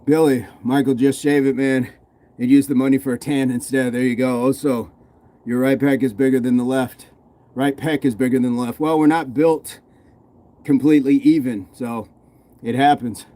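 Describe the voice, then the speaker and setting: Here an American man hosts a fitness livestream, reading comments and replying to viewers in a laid-back way as he works out between sets. His voice is mellow and medium-pitched, with fairly even intonation and a normal speed.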